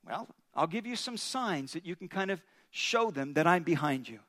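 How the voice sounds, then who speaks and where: Brief: calm, commanding male deity, deep and hushed, measured delivery, played by a male preacher. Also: no room sound, studio quality. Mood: firm. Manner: slow, low and steady.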